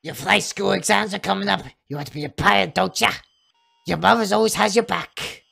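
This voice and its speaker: A woman's voice: mid-range voice, brisk, creaky, a bit bright, breathy edge, voice pushed up, exaggerated voice. A woman voicing a frail, confused elderly mother in a horror game, in a quavering, fretful old-lady voice. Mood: pleading.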